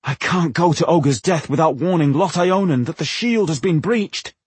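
A man's voice: fairly high pitch, moderate pace, a little mellow, slightly rough, no echo, pitched above the performer's own voice. A man voicing a frightened young male dwarf warrior who talks in tense, urgent outbursts in an audiobook.

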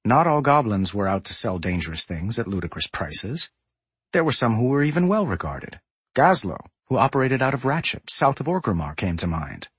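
A man narrating a fantasy story in an expressive, lively storytelling manner. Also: fairly low pitch, moderate pace, husky, no room sound. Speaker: audiobook narrator. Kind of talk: scripted narration.

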